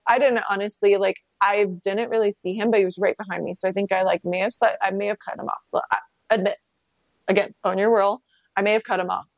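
Woman in her 30s, casual self-help talk, swears a lot, mid pitch, dead dry room. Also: no room sound. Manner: candid, swears freely, storytelling with quoted dialogue.

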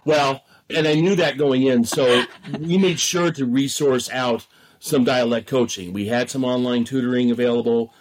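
A theater director talks through his approach in an interview. He is measured and thoughtful and hedges often with "sort of". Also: mid-range voice, steady tone.

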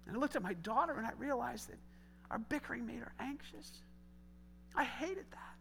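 A middle-aged male pastor preaching a sermon, animated, moving between loud exhortation and soft, conversational storytelling with joking asides. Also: very high-pitched, moderate pace, long pauses, a little hiss or hum.

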